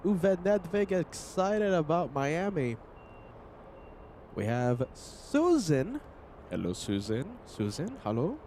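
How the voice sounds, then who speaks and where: A man's voice: a little high, sing-song, slow, darkish tone, a little hiss or hum. A man hosting a live plane-spotting stream, chatting with viewers by name while he is sick. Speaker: livestream host.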